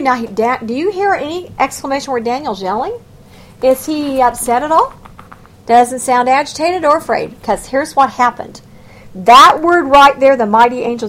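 A woman preaching a verse-by-verse Bible lesson, retelling the scripture and acting out the voices in it. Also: on the high side. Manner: expressive storytelling, acts out scripture voices. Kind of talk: Bible teaching sermon.

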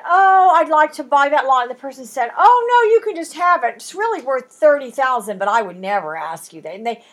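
A woman leads a Bible study with a lively, expressive delivery. Her voice sits high and a little breathy, and it swoops up and down as she acts out both sides of an old bargain. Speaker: Bible teacher. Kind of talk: animated Bible study teaching.

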